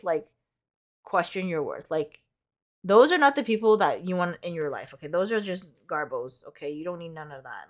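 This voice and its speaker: A young woman with a slightly low voice talks her viewers through a tarot reading. She rambles casually, leaning on fillers and breaking into giggles. She sounds a bit sick. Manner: chatty, giggly, lots of "like" fillers. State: sick, with bouts of laughter. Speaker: tarot card reader.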